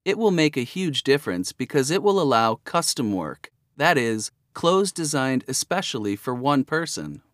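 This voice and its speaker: A man reading vocabulary example sentences for a lesson, clear and explanatory. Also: mid-range voice, sing-song, moderate pace, hardly any pauses, a bit bright, dry recording, studio quality.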